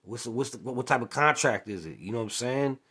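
Husky-voiced man telling a story. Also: medium pitch, lively intonation, fast, bright, forceful tone. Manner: chatty, keeps adding "you know what I'm saying"; acts out past conversations. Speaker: former music manager. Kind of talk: casual storytelling monologue.

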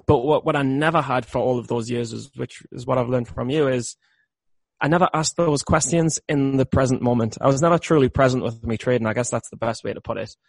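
Gravelly-voiced man rambling candidly. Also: mid-range voice, a little fast, no room sound. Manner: rambling, repeats words, laughs at himself. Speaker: trader. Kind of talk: candid conversation about trading mindset.

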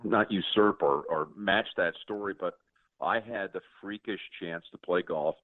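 A man in his sixties, a sports broadcaster, telling stories in an earnest, halting way with many restarts. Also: sits low, no room sound. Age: 60s. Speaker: interview guest, sports broadcaster. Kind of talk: casual interview storytelling. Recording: tinny dry phone-like line.

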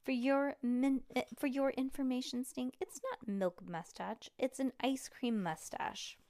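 A woman voicing a spunky schoolgirl who bosses her little brother, in a read-aloud storybook, in a bright, matter-of-fact way. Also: sits high, a little slow. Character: spunky schoolgirl, bossy big sister.

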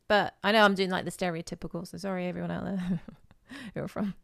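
An English woman chatting as a podcast guest, playful and laughing easily, who keeps slipping into quick accent impressions. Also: lowish voice, fairly even intonation, vocal fry, fairly bright tone, no echo, studio quality. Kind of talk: casual chat.

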